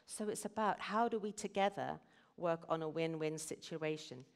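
A middle-aged woman, a guest speaker at a church service, gives a sermon in an earnest manner, explaining and telling stories. Her voice is low and she speaks at normal speed.

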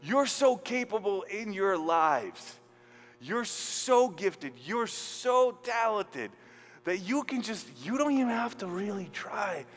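A man with a high voice preaches a sermon, loose and animated, dropping slang and acting out quotes. His voice rings with a long hall reverb, and faint music plays underneath. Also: slow. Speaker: pastor. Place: church hall.

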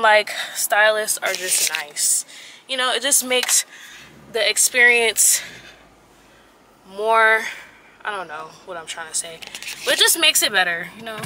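A woman's voice: on the high side, bright, forceful tone, slight background noise. A woman in her twenties from Atlanta, talking casually and upbeat in slangy chat for her vlog. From Atlanta, Georgia. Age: 20s. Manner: chatty, upbeat, loose slang. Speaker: vlogger.

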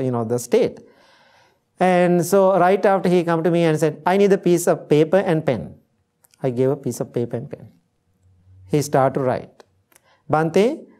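A man's voice: fairly high pitch, mellow. A middle-aged Sri Lankan man, a Buddhist monk, giving a dharma talk to an audience and telling stories with acted-out quotes. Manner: storytelling with acted-out quotes, laughs easily.

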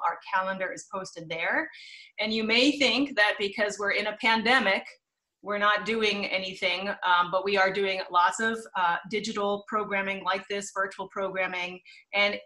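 A woman's voice: mid-range voice, sharp tone. A woman hosting a virtual museum lecture over a video call, introducing the speaker with many ums and restarts. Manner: friendly, with many fillers. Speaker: museum event host.

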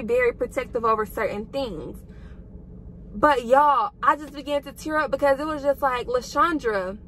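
A woman's voice: high voice, pushed and bright, slight background noise, low-quality recording. A young woman vlogging from a parked car, giving an emotional, faith-filled pep talk and calling her viewers "y'all" and "girl". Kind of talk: casual encouraging vlog talk.

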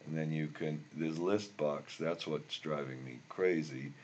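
An older man teaching a software tutorial while recording his screen, rambling and grumbling about bugs as he works. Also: extremely low pitch, unhurried. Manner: rambling, easily frustrated, grumbling asides. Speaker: instructor.

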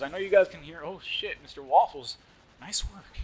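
A young man with a slight lisp giving casual, joking live commentary over his own shooter gameplay, swearing often and yelling at other players. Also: fairly high pitch, normal speed. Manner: joking, swears often, yells at opponents and teammates.

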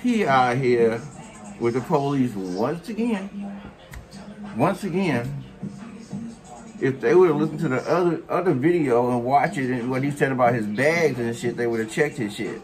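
Male vlogger, mid-pitch voice, scolding and mocking rant style with faint music behind. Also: expressive, measured pace. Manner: scolding, mocking, heavy slang and cursing. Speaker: commentary vlogger. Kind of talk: profane reaction rant.

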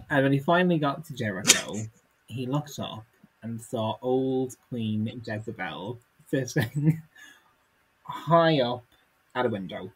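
A man's voice: mid-range voice, expressive, slow, slight background noise, poor audio. A man co-hosting a podcast, reading a comic text aloud and dropping dry, wry asides. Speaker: podcast co-host.

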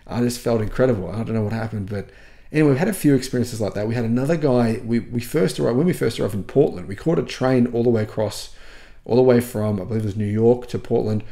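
A man's voice: mid-range voice, vocal fry, warm tone. A man with an Australian accent, a channel host casually telling earnest, rambling travel stories to his viewers. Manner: earnest, rambling anecdotes with frequent restarts. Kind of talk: casual vlog storytelling.

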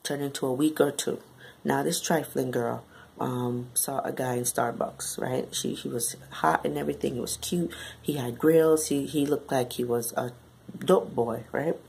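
A woman recapping a novel in a chatty, slangy way, often tagging "right?" onto her sentences and bursting into high exclamations. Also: steady tone, normal speed, creaky, darkish tone, a little hiss or hum, rough recording. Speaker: book reviewer. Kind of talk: casual book recap.

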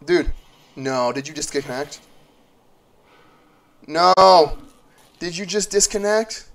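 A young man streaming a game, excitable and swearing, shouting orders to his teammate. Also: a little high, slow pace. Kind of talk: live gameplay commentary. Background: background music.

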